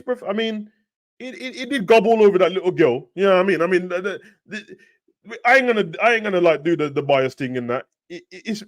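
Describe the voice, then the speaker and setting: Slangy young man ranting on football. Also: high voice. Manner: slangy, rambling, animated. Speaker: football talk host. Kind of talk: casual football rant.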